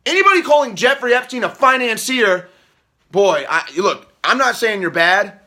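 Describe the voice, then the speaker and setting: Man, political commentary host, angry profane rant, forceful bright voice, repetitive. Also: animated, moderate pace. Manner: swings from low mutter to shouting.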